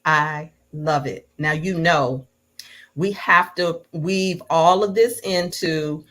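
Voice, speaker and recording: Female host, unhurried lowish voice, speaks to the chat. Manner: warm encouraging, addresses viewers directly. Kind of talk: hosting a livestreamed interview.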